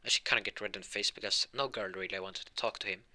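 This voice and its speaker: A man's voice: lowish voice, steady tone, fast talker, bright, forceful tone. A man casually telling a made-up fan story about cartoon heroes, rambling and correcting himself as he goes. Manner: rambling, full of fillers and self-corrections. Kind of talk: casual spoken fan-fiction retelling.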